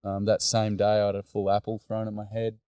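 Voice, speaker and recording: A middle-aged Australian man speaks in a low, mellow voice with little rise and fall. He tells his stories earnestly and loosely, full of "um" and "mate". The sound is close and dry. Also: monotone, brisk, smooth, dry recording. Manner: earnest, rambling, lots of "um" and "mate". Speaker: speaker running boys' workshops. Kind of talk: personal storytelling talk.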